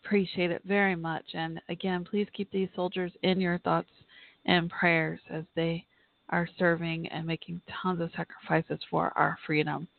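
A woman hosting a call-in podcast from her home office, chatting casually, thinking out loud and apologizing often. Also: lowish voice, flat delivery, normal speed, vocal fry, no room sound, phone-quality sound. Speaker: podcast host. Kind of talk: casual call-in show chat.

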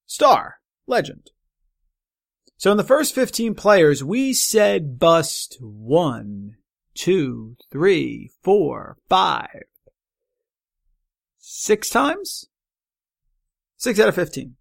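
Opinionated gravelly male podcast host. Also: a little high. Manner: opinionated, quick verdicts, joking asides. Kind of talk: solo sports podcast rant.

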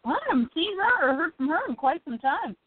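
Playful woman co-host, high voice, calling in on a dry, tinny phone line. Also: sing-song, fast, no echo. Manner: easygoing, playful, chatting while eating. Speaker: podcast co-host. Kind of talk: casual chat.

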